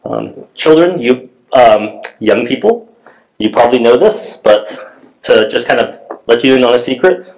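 A man's voice: medium pitch, normal speed, gravelly, rough recording. Chatty pastor man telling a story. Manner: conversational, animated storytelling with many fillers. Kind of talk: sermon with personal story. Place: church.

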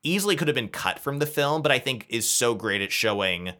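A man co-hosting a podcast, chatting casually and retelling film scenes in an animated way. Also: medium pitch. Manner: animated, retells scenes with quick quoted voices. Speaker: podcast co-host. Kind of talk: casual chat.

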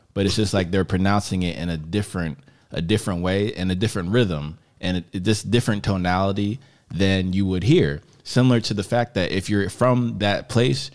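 A male co-host with a low, deep voice who lays out his points at length, steady and measured. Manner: measured, explanatory. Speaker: podcast co-host. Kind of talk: casual chat.

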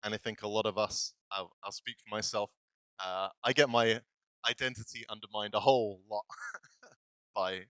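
A man's voice: fairly low pitch, steady tone, normal speed, pauses often, fairly bright tone, clear, resonant tone, dry recording, rough recording. Guy pastor giving a chill sermon, jokey and self-deprecating, laughs a lot, dry close sound. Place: church.

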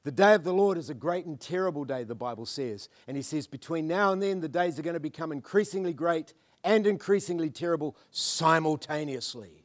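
Man, high-pitched preacher; fervent, dynamic sermon delivery with quiet prayerful drops. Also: expressive, fairly quick, few pauses. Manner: swings from loud fervent declarations to hushed murmured prayer; mimics churchgoers in asides.

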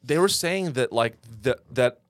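A man's voice: mid-range voice, expressive, unhurried, no echo, clean studio sound. A man co-hosting a podcast, riffing in casual comedic banter with mock infomercial bits. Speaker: podcast co-host.

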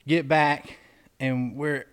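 A man tells stories in a relaxed co-host chat. He rambles and restarts often. He slips into quick acted-out quotes of the people in his stories. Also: fairly high pitch, clear, resonant tone. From Mississippi, US. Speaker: podcast co-host. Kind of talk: casual storytelling chat.

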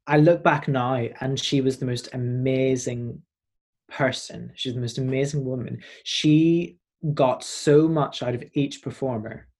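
Speaking unhurriedly in a medium-pitched voice, a young man from Northern Ireland, in his twenties, spins animated, meandering stories. He is a performer being interviewed as a guest in a casual setting.

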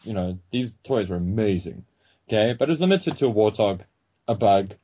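Casting: joking male guest, husky tone, muffled lo-fi sound. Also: on the low side, expressive, normal speed, dark tone. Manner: playful, jokey, theatrical. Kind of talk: casual chat.

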